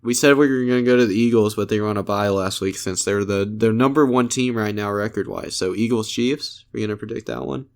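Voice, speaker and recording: A man's voice: on the low side, steady tone, brisk, hardly any pauses. A man co-hosting a casual sports podcast, laughing often and swearing casually. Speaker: podcast co-host.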